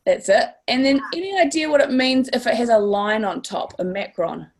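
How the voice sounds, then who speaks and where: A woman's voice: fairly high pitch, expressive, normal speed. A woman with a New Zealand accent teaching a class, upbeat and encouraging, stretching words out to model sounds. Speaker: language teacher.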